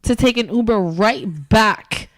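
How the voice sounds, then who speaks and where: A woman co-host who talks bluntly and teases her friend, with plenty of swearing. Her voice has a middling pitch and is recorded close and dry, with no room sound. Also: slow, dry recording. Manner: blunt, teasing, swears freely. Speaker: podcast co-host. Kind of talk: casual chat.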